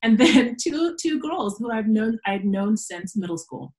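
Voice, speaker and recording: A woman in her forties speaks as a guest on an interview show. She tells her stories in a relaxed, conversational way. When she quotes other people, she acts them out in a higher voice. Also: measured pace, hardly any pauses, poor audio. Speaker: podcast guest, educator. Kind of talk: casual storytelling interview.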